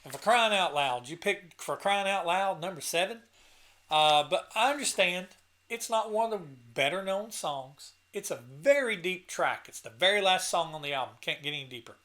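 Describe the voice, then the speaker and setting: A man's voice: high voice, expressive, normal speed, sharp tone. A man hosting his own channel, talking casually and emotionally about his favorite songs, at times choked up, often restarting his sentences. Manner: enthusiastic and earnest. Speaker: channel host reviewing an album. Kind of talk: casual talk to camera.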